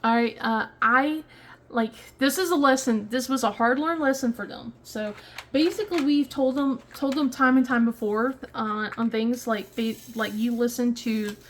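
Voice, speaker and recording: A woman's voice: a little high, normal speed, slight background noise. A woman in her thirties chatting casually as a crafting vlogger, telling a rambling story full of fillers and restarts. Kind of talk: casual chat while crafting.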